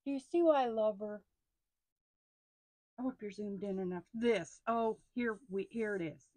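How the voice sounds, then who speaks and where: A middle-aged woman, chatting casually as she unboxes stationery. She gushes with excitement and often drops into hushed asides. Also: mid-range voice, unhurried, no echo. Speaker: stationery haul vlogger.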